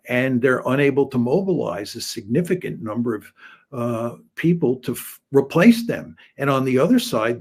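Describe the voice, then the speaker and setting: An older man, a political science professor, answering interview questions in a measured, explanatory way with frequent filler pauses. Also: mid-range voice, a little mellow, husky.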